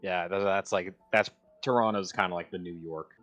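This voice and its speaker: Laid-back Canadian man, low voice. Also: steady tone, normal speed, a bit bright, faint music behind. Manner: laid-back, brief replies. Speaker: co-player. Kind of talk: casual gaming stream chat.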